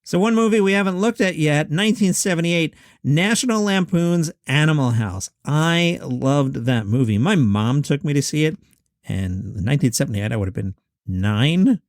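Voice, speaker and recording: A man's voice: fairly high pitch, animated, no echo, clean studio sound. Chatty wry man in his fifties. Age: 50s. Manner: chatty, wry asides and quick lists. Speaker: podcast host. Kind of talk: solo podcast commentary. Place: home room.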